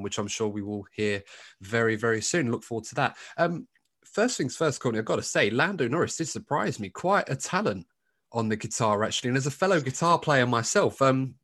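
A man's voice: mid-range voice, fairly bright tone. A man co-hosting a podcast, chatting casually with many asides and restarts. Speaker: podcast co-host.

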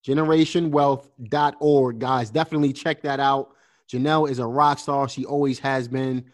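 A man's voice: medium pitch, fairly even intonation, moderate pace. A man hosting a podcast, talking earnestly and encouragingly, with frequent fillers and restarts. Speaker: podcast host. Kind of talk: casual podcast interview.

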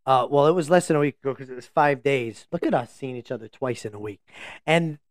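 A man's voice: medium pitch, quick pace, dry recording. A man co-hosting a casual podcast from a home laundry room, teasing his guests and laughing often, leaning close into a table microphone. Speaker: podcast co-host. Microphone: close table mic, leaning in.

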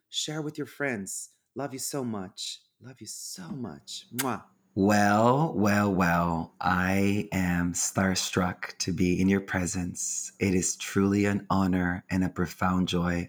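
A man hosts a spiritual podcast in an effusive, heartfelt way. His voice sits somewhat low, and he often stumbles and restarts his sentences. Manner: effusive, earnest, halting with restarts. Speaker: podcast host. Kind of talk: warm spiritual podcast chat.

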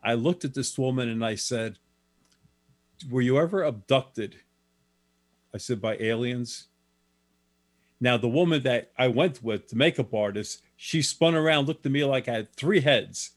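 A man's voice: medium pitch, moderate pace, few pauses. Male guest author, plain storyteller, mid-range voice, matter-of-fact delivery. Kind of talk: storytelling in a radio interview.

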